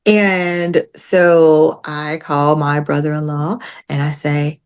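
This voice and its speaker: A woman guest on a podcast, telling a story in casual chat and acting out the quotes with lively jumps in her voice. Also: deep voice, takes it slowly, clean tone. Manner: animated retelling with acted-out quotes.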